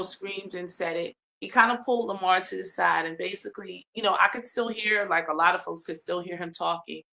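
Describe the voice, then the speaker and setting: Bright-voiced woman giving detailed testimony. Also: medium pitch, vocal fry. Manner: long detailed storytelling with many ums. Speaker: complainant telling her story. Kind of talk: testimony in a mediated hearing.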